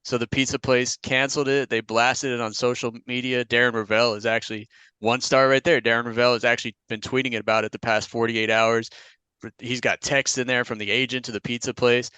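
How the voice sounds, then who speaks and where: A man's voice: mid-range voice, little pitch movement, brisk, sharp tone, smooth, dry recording. A man co-hosting a podcast in casual chat, telling stories in an easygoing way. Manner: easygoing storytelling with frequent restarts. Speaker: podcast co-host.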